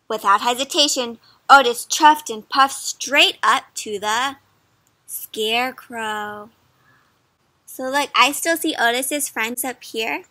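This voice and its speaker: A woman with a high, bright voice reads a storybook aloud for young kids. She speaks gently and stops to ask the listener questions. The sound is close and dry. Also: no room sound. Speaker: children's storybook reader. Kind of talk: interactive read-aloud for kids.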